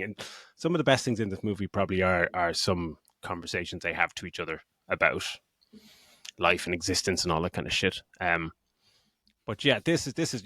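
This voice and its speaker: A middle-aged man with a lowish voice on a podcast, recorded dry and close. He rambles and swears freely in a loose film review chat. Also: fairly bright tone, dry recording. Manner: rambling, swears freely, laughs at his own jokes. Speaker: podcast co-host.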